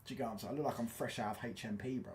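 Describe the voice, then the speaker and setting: A man's voice: medium pitch, racing, darkish tone, slight background noise. A man with a London accent chatting casually on a football live stream, reading out comments, dropping slang and constantly checking you follow him. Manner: casual slangy, keeps asking "do you get what I'm saying".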